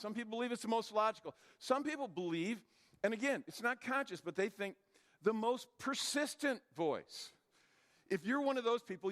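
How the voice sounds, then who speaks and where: A man with a high voice delivers a sermon in an easy, conversational way. He keeps turning to the audience with questions and briefly acts out the voices he quotes. The sound carries the long reverb of a hall. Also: fairly bright tone. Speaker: pastor.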